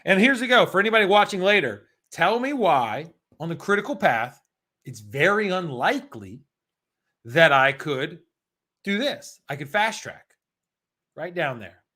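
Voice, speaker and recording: An American man with a high voice runs a live-streamed exam prep lesson at a measured pace. Chatty and energetic, he reads out practice questions and answers viewers in the chat.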